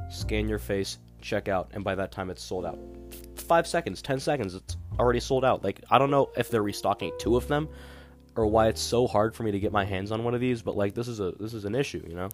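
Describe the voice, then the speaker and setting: A young man with a deep, low voice chats through a casual podcast monologue. He rambles and sounds exasperated, leaning on fillers. Guitar music plays clearly underneath him. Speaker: podcast host.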